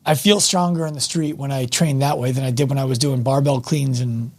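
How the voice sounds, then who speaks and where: A man's voice: medium pitch, fairly even intonation, fairly quick. A man hosting a fitness podcast and interviewing a guest, chatty, asking long winding questions. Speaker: podcast host and fitness coach. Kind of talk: casual interview talk.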